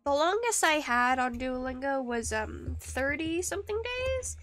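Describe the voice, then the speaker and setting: A woman's voice: high voice, big pitch swings, unhurried, fairly bright tone, faint music behind. A woman streaming live while she carves rings, talking in a rambling, self-deprecating way with many fillers and restarts. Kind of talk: casual live-stream chat while woodcarving.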